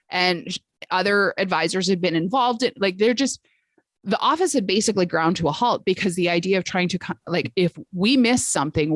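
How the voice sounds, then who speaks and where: A woman's voice: on the low side, no echo. A woman travel sales coach hosting a coaching call, telling stories in a chatty way with exclamations.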